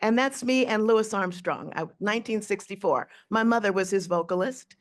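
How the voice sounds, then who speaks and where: A woman's voice: medium pitch, moderate pace. A woman in her sixties, a jazz singer and teacher, telling a personal story in a speech, acting out the voices.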